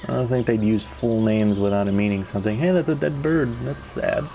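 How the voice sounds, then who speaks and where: A man's voice: on the low side, a little fast, vocal fry, warm tone, a little hiss or hum, poor audio. A man giving casual, joking let's-play commentary. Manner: joking, rambling. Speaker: gaming YouTuber.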